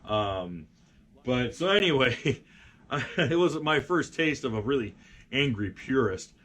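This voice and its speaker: A middle-aged man hosting a car show, casually telling a story to camera with many fillers and restarts, and lively when he quotes people. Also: medium pitch, takes it slowly. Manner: rambling, frequent fillers and restarts, animated when quoting people. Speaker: magazine editor and show host.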